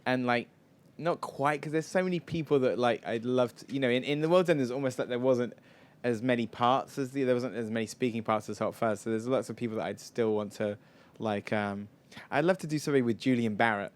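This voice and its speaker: A man's voice: medium pitch, a little fast, few pauses. A man answering audience questions at a live event, chatty and rambling, often self-deprecating. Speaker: filmmaker guest.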